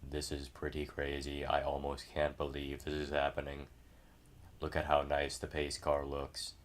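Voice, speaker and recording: A man putting on a mock race announcer voice, lowered and slow. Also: monotone. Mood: mock-amazed.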